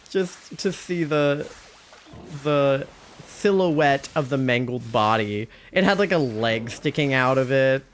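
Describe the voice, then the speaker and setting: A young adult Twitch streamer, sick and sounding unlike usual, rambles through casual live-stream chat with giggles and lots of fillers. Their medium-pitched voice has lively intonation but a slow pace with long pauses, and there's a little hiss or hum.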